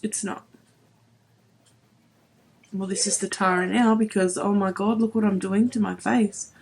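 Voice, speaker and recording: A woman's voice: medium pitch, fairly even intonation, a little slow, vocal fry, a little mellow, slightly rough. Woman, thirties, home beauty vlogger, choked-up and heartfelt, repeats herself. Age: 30s. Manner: emotional, voice wavering near tears; earnest, repeats herself, many "like"s. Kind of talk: emotional vlog to camera.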